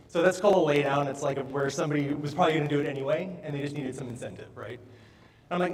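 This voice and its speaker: A fast-talking man with a fairly high voice gives a motivational talk on stage in a large hall, animatedly telling stories and constantly checking in with "right?". The mic is far away, so the sound is distant and echoey.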